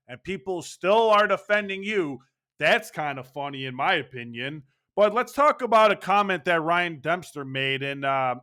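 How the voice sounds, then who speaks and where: Fuming over his baseball team's loss, a fan commentator rants with sarcasm and profanity. He speaks at a fairly high pitch in a bright, forceful tone.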